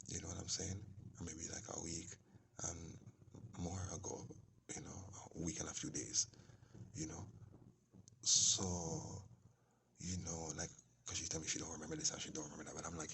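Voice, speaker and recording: Low gravelly man rambling. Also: lively intonation, a little fast, fairly bright tone, a little hiss or hum. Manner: rambling, drops into whispered asides. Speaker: vlogger. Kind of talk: casual storytelling monologue.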